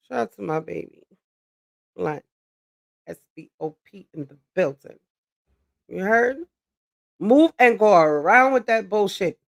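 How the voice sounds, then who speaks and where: A woman livestreaming a blunt, profane monologue that lectures her viewers. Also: mid-range voice. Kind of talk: ranting live-stream monologue.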